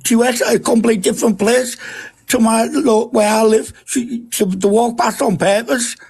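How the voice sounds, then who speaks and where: A man's voice: very high voice, steady tone, normal speed, gravelly, darkish tone, husky. A middle-aged man arguing defensively on a live stream, swearing and insisting he is telling the truth. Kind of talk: heated live-stream argument.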